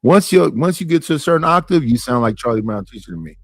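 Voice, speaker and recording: A man hosting a casual commentary show, blunt and animated, acting out quoted arguments. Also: on the high side, fast, dry recording, poor audio.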